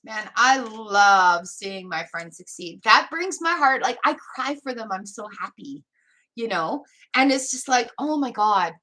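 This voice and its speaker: A woman's voice: a little high, lively intonation, unhurried, pushed and bright. A woman giving a live tarot reading, chatting casually and laughing often. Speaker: tarot reader.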